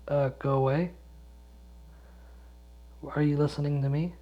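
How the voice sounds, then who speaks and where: Young male solo podcaster, drowsy and rambling, swears freely, slow delivery, muffled lo-fi home mic. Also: a little high, steady tone, slight background noise. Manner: rambling, swears a lot, chuckles often, loses his thread. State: sleepy, yawning. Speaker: podcast host and gaming YouTuber. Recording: dull lo-fi home recording.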